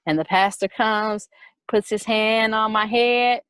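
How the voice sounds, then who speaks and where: A middle-aged woman casually telling a personal story, animated, with quick repetitive retelling. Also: medium pitch, smooth, dry recording, low-quality recording.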